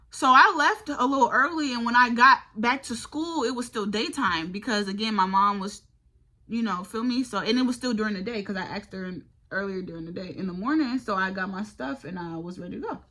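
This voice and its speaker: A young adult woman recounts a college story for her vlog, loose, foul-mouthed and fed up. Her medium-pitched voice is animated and brisk, with a pushed, bright quality.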